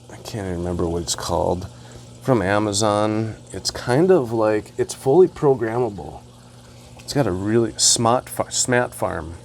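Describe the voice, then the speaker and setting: A man vlogging a casual walkthrough of his home reef tank equipment, relaxed and rambling with fillers and asides. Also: on the low side, slight background noise. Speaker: aquarium hobbyist vlogger.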